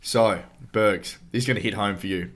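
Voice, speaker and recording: A man with a low voice co-hosts a podcast. He tells his story with cheeky, playful boasting. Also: moderate pace, a bit bright. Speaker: podcast co-host. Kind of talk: casual chat.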